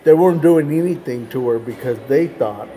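A man earnestly retelling a story in a conversation, plainspoken and lively in the telling. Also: medium pitch, brisk, faint music behind.

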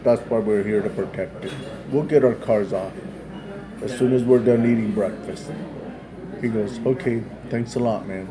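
A man's voice: lowish voice, normal speed. A man casually retelling a story in a loose, rambling way, peppered with "man" and "like". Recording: busy crowd chatter behind.

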